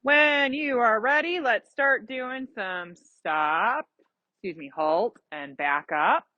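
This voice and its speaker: Slow and sharp in tone with a fairly high pitch, a female riding instructor coaches a rider through a lesson, explaining patiently with examples and giving encouragement. The recording has no echo but sounds muffled.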